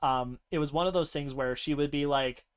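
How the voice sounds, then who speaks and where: A young man co-hosting a podcast, casually recounting a tabletop game session with lively laughter. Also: a little fast, smooth. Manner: animated, laughing often, breaks into high-pitched character voices. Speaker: podcast co-host.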